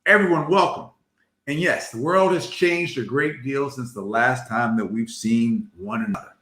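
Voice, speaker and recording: A man's voice: mid-range voice, moderate pace, fairly bright tone, echoey room. A man, an emergency physician, explaining vaccines in a jovial, plain-spoken way. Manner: jovial, laughs often, explains simply. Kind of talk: casual health talk.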